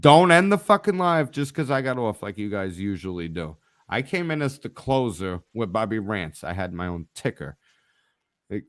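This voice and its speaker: A man's voice: mid-range voice, clean tone, no echo, clean studio sound. A man co-hosting a live online show, talking in a brash, profane, teasing way. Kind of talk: casual live-stream chat.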